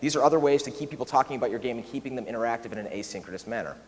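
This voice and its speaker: A man giving a conference talk in a quick, animated way, often acting out quoted asides. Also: medium pitch. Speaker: conference speaker. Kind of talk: keynote talk. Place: large conference hall. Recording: long reverb of a large hall.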